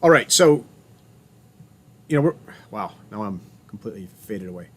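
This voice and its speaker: A man's voice: lowish voice, lively intonation, moderate pace, breathy edge. A man giving a remote college lecture over a video call, chatty, often restarting his sentences and telling corny jokes.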